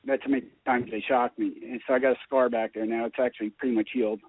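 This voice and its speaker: A man telling his story in a casual radio chat, animated and acting out the dialogue. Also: medium pitch, fast. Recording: tinny phone line.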